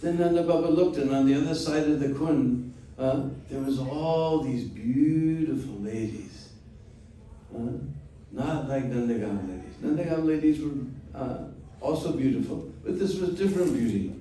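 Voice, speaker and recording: A man teaching a storytelling class at an unhurried pace, often checking in with "hmm?". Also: fairly high pitch, dark tone, a little hiss or hum. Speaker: spiritual teacher. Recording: echoey room from far off.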